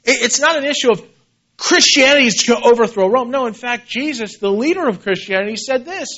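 A man preaching a sermon as pastor, animated, swinging between loud emphasis and quiet asides and repeating key words. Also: extremely high pitch, fairly quick, highs cut off.

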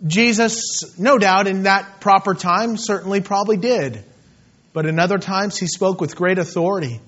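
A man preaching a sermon, swinging between soft asides and loud, emphatic bursts. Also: high voice, moderate pace. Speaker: pastor. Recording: dull lo-fi sermon recording.

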